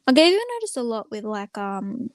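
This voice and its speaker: A woman's voice: a little high, very animated, fairly quick, no echo. Woman just chatting on a home live stream, wanders off topic a lot, lots of likes and ums, dry close sound. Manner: rambling, many filler words, chatting to viewers. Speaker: small channel live streamer. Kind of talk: casual live stream chat. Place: room at home with the door closed.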